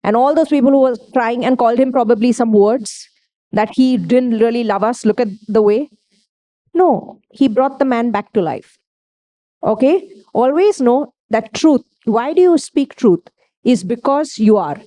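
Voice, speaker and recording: A woman preaching a sermon in a slightly high, mellow voice. She speaks emphatically, often asking her listeners questions and answering them herself. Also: animated, a little slow.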